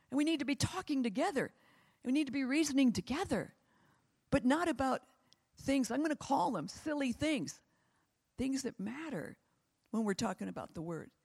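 Gravelly preacher in a reverberant hall. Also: mid-range voice, a little mellow. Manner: fervent, repetitive exhortation. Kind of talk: sermon closing in prayer.

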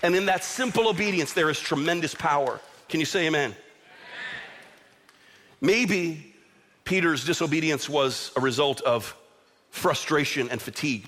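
Fairly high-pitched and fairly bright, a middle-aged pastor preaches with mounting passion, repeatedly appealing to his listeners. The sanctuary recording carries long church reverb with music underneath.

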